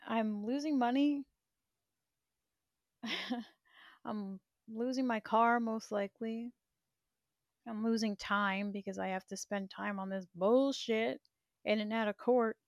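Slow, gravelly woman livestreamer. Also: on the high side, steady tone, no room sound. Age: 30s. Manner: blunt and profane, laughs often. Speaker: livestream host. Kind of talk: candid rambling livestream chat.

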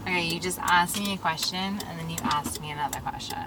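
A woman's voice: on the low side, fast, noisy background. A woman in her thirties, tipsy after a few drinks, chatting bluntly and laughing often with profane remarks. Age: 30s. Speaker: taxi passenger. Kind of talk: casual chat.

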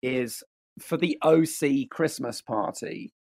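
A man's voice: medium pitch, slow pace, creaky, a little mellow, no echo, clean studio sound. A man co-hosting a podcast, telling a rambling, playful story in casual chat. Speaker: podcast co-host.

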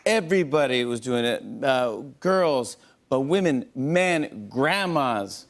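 A man hosting a late-night talk show, excitable and laughing as he interviews a guest in a studio. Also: mid-range voice, slow. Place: TV studio with live audience. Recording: studio audience and background noise. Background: audience.

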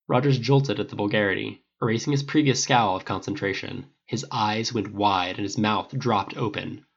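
Guy narrating fanfic, steady, rough husky voice, muffled lo-fi audio. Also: fairly low pitch, normal speed, hardly any pauses. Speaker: audiobook reader. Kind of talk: reading fan fiction aloud.

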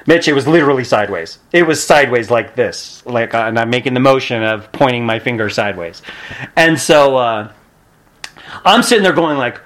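A man who is a podcast guest and pro wrestler, telling stories in an animated way and acting out the people he quotes. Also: fairly high pitch, moderate pace. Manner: acts out quotes with loud shouts and shifts. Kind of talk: animated storytelling.

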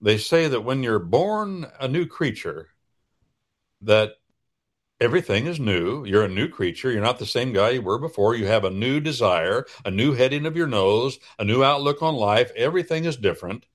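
A man hosting a radio talk show, explaining in a folksy, preacherly way with drawn-out pauses. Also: medium pitch, expressive. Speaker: radio host.

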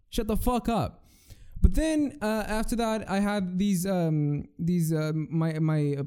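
A man's voice: fairly high pitch, dark tone, clear, resonant tone. A young man hosting a solo podcast, telling rambling, profane stories with many restarts. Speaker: podcast host. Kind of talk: casual solo podcast rant.

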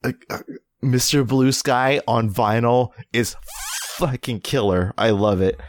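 A man's voice: medium pitch, a little slow. A man co-hosting a podcast in casual chat, talking keenly in a rambling way with many ums and uhs. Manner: rambling, hesitant with many fillers; enthusiastic. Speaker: podcast co-host.

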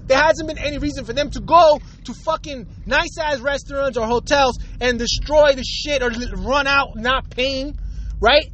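A man's voice: very high-pitched, moderate pace, a bit bright, a little hiss or hum, rough recording. A man from the United States ranting hard at his viewers in a heated, blunt, profane way. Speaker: vlogger. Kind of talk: angry rant to camera.

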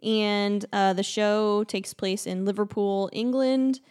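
A woman's voice: mid-range voice, takes it slowly, darkish tone, smooth. A woman from Central Illinois, co-hosting a podcast in casual, chatty talk full of fillers. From Central Illinois, USA. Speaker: podcast co-host. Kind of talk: casual chat.

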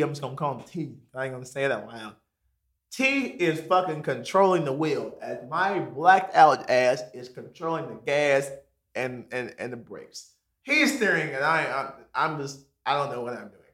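A young man spins a rambling, profane story for his friends. His voice is bright and a touch high. He lurches between low mumbled asides and shrill quoted outbursts. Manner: animated, jumps into high squeaky voices when quoting himself; swears freely, drops to a mumble on asides. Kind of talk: casual storytelling among friends.

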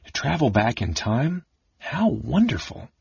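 A man voicing an excitable little male kender trapped as a mouse, talking in a high, eager, chatty way. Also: measured pace, breathy edge, dry recording, distant mic. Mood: wondering. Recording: dull lo-fi audiobook recording.

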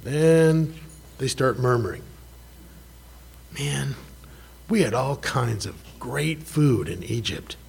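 A pastor with a mid-range, animated but slow voice preaches a conversational sermon, his tone creaky and a little mellow, with long pauses and a little hiss or hum in the audio. Self-deprecating, he asks the congregation questions and talks frankly about his own faults.

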